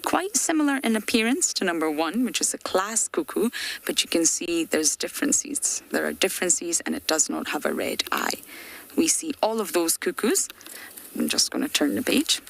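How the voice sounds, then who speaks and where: A woman safari guide giving chatty, explanatory live commentary from a game-drive vehicle outdoors, sometimes dropping to hushed asides. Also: lowish voice, big pitch swings, moderate pace, gravelly.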